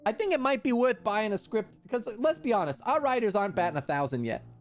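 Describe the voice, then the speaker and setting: A young man streaming a game live, loud and excitable and swearing freely as he comments. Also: high voice, fast.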